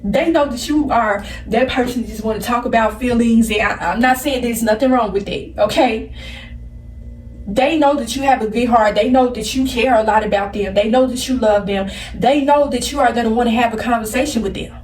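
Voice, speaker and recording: A woman's voice: fairly high pitch, fairly quick, a little mellow, a little hiss or hum. Tearful, preachy woman in a roomy space. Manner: blunt, preachy, repetitive. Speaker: spiritual advice vlogger. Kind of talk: emotional direct-to-camera advice. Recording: roomy, distant from the mic.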